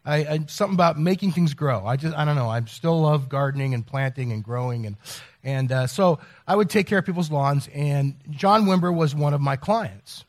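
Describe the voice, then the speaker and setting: A middle-aged pastor with a slightly high, animated voice preaches a sermon at normal speed. He tells a rambling story, constantly interrupting himself with restarts and repeated words.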